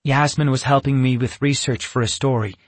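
A man voicing an anxious young boy in a storybook reading, talking earnestly and quickly. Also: mid-range voice, steady tone, no room sound, close to an everyday voice.

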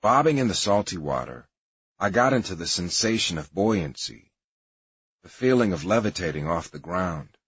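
A man with a husky, slightly low voice tells his story plainly and confessionally. The sound is dry and a bit dull, like a lo-fi recording. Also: expressive, moderate pace, fairly bright tone, no echo. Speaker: narrator of his memoir. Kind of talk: memoir narration mixed with archival comedy clips.

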